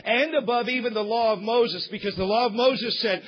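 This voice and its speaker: A male pastor preaches in an emphatic style, climbing to shouted points and then dropping low. His voice sits high and sounds husky. The recording is dull and lo-fi. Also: lively intonation, normal speed, hardly any pauses. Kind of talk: sermon.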